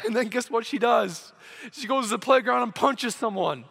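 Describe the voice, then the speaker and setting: A man's voice: high-pitched, a little fast, vocal fry, fairly bright tone, slightly rough. A young man preaching a sermon, telling a story with emotion and acting out quoted dialogue. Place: church service hall. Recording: hall reverb.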